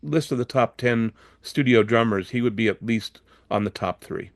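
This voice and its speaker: A man in his seventies, a record producer appearing as an interview guest, telling stories in an animated way, with frequent restarts and repeated words. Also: medium pitch, normal speed, heavy background noise. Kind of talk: anecdotal interview storytelling.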